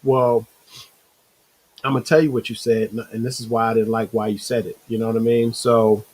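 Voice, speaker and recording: A man hosting a casual motivational talk show, rambling and animated, acting out inner voices, with a slight cough. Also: medium pitch, a little fast, slightly rough, rough recording. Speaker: show host.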